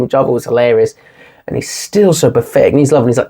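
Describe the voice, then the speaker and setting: A young man talks through a TV finale in a chatty, excitable way and laughs often. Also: medium pitch, fast, breathy edge. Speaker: TV series reviewer. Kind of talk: casual video review.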